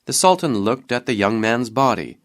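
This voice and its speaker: A man narrating a graded-reader story in a slow, clear reading voice. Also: medium pitch, lively intonation.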